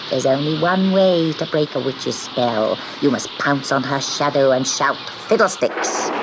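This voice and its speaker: A woman reading a children's storybook aloud as audiobook narrator, in an expressive, lively manner. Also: lowish voice. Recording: audiobook with steady hiss.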